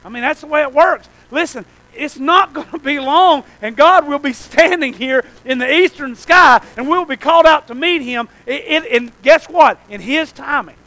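Preacher with a very high, bright voice. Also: male voice, normal speed, few pauses, poor audio. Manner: fervent, calls out "amen?" to the congregation; breaks into shouts at high points. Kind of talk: revival sermon.

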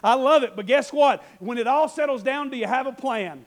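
A male preacher giving a fervent, folksy sermon, repeating phrases and rising into shouts. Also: very high-pitched, a little fast. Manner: fervent, repetitive, breaks into shouting; folksy, conversational asides.

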